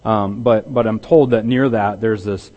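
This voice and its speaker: A man preaching a sermon as pastor, emphatic and repeating words, swinging between loud stress and hushed intensity. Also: on the low side, steady tone, a little slow, highs cut off. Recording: long hall reverb.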